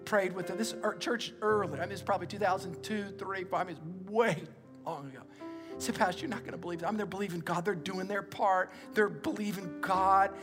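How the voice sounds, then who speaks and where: A middle-aged male pastor giving an energetic, emphatic sermon and calling on the congregation to repeat after him. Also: sits high, a little fast. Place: church auditorium. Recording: long reverb in a large hall, with music.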